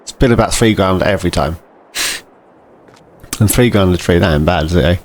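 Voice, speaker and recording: A man giving casual, rambling commentary over a farming game, often clearing his throat. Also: low-pitched, brisk. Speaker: gameplay commentator.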